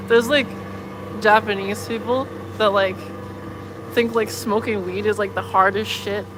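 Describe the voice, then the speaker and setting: A woman's voice: medium pitch, steady tone, takes it slowly, pauses often, noisy background. A woman vlogger telling a story in casual chat, laughing often and filling her speech with "like". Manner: laughs often, lots of filler "like".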